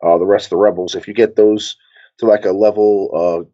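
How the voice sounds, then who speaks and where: A man's voice: on the low side, fairly even intonation, fairly quick, warm tone, lo-fi sound. A man on a casual live Q&A panel, rambling with many stammered restarts. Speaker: panel guest.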